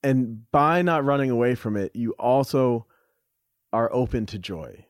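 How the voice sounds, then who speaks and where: A man's voice: mid-range voice, clear, resonant tone, no echo, clean studio sound. Reflective man telling a personal story. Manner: reflective, halting, with frequent restarts and casual swearing. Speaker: podcast guest. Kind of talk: candid conversational storytelling.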